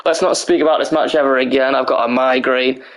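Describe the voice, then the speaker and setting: This young streamer, hoarse and mid-range in pitch, commentates a wrestling game live at a brisk clip. He's tired yet excitable, cracking up and cursing frequently.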